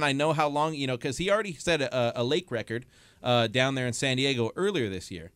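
A man co-hosting a fishing radio show, telling a catch story with lively acted-out dialogue from a studio. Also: medium pitch, fairly quick, clear, resonant tone, dry recording. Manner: animated storyteller, acts out phone dialogue. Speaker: fishing report co-host. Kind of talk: casual radio talk.

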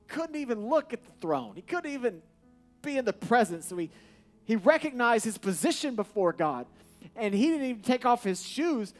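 High-pitched guy preaching, repeats lines and gets loud, soft guitar behind him. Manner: repetitive, rising to loud emphatic refrains. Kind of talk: sermon. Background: soft guitar music.

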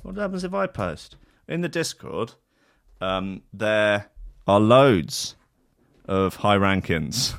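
A man's voice: fairly low pitch, sing-song, slow, creaky, a bit bright, no echo, clean studio sound. A man hosting a casual streamed podcast, rambling and sweary, with a mocking manner. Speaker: podcast host. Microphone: headphones and desk mic.

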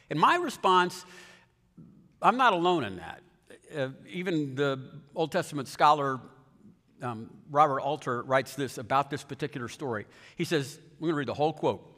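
A man preaching a sermon in a conversational, joking way, retelling scenes with animated asides. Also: a little high, normal speed. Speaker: pastor. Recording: long hall reverb.

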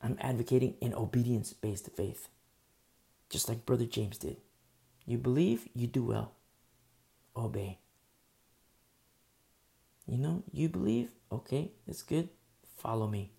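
A man's voice: medium pitch, expressive, a little slow, gravelly, pauses often, dark tone. A man preaching a conversational sermon, emphatic and full of rhetorical questions.

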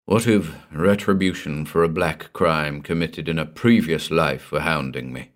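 Audiobook role: a man voicing a haunted young husband, low and muttering, wide swings in pitch. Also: lively intonation, normal speed. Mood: haunted, subdued. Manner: low, subdued, muttering delivery. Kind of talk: audiobook reading.

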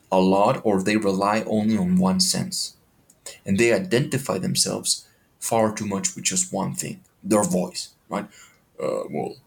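A man's voice: fairly low pitch, vocal fry. A man hosting a podcast, talking in a motivational monologue that is full of questions and casual swearing.

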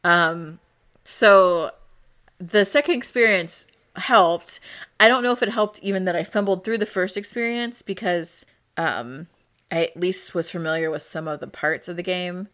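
A woman's voice: on the low side, measured pace, a bit bright. A woman co-hosting a podcast in casual chat, chatty and rambling, laughing often. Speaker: podcast co-host.

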